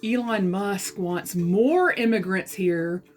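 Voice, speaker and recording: A woman's voice: medium pitch, slow, soft background music. A woman from the American South with a Southern US accent, talking bluntly and with exasperation in a casual vlog. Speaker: vlogger. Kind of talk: casual talk to camera.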